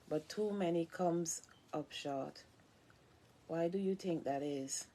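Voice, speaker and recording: A woman vlogger reading a book aloud in a tired, low-key way, halting and restarting words. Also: dark tone, slight background noise.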